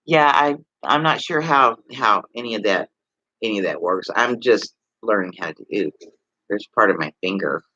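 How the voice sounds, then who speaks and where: A man's voice: on the low side, expressive, normal speed, bright, forceful tone, dry recording, highs cut off. A man with a Texas accent chatting casually to viewers on a livestream, rambling and asking them questions. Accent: Texan. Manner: rambling, talks straight to viewers with many questions. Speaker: livestream host.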